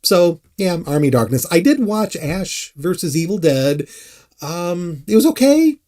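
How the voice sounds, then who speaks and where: A man casually answering chat on a live stream, rambling and halting, often self-deprecating. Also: fairly high pitch, expressive, darkish tone, no room sound, studio quality.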